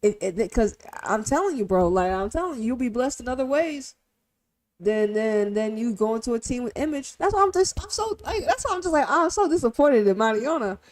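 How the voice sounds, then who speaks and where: A woman streamer in casual, profane commentary who fires off rhetorical questions and swings from loud to hushed. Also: on the high side, expressive, a little fast.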